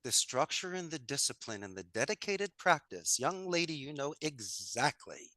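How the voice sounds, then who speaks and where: A man's voice: medium pitch, very animated, normal speed, pushed and bright, dry recording. A man talking as a podcast guest, upbeat and folksy, full of homespun sayings. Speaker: podcast guest, call center owner. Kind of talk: conversational interview.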